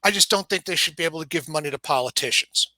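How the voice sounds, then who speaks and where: A man's voice: a little high, quick pace, sharp tone, no room sound. A man with a New York accent, talking through his views in a casual discussion, often restarting and repeating words as he thinks. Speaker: game publisher guest.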